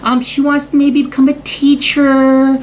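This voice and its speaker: A man's voice: very high-pitched, monotone, measured pace, slight background noise, rough recording. A man imitating a chatty suburban mother in a mocking, sing-song voice. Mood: airy, mocking.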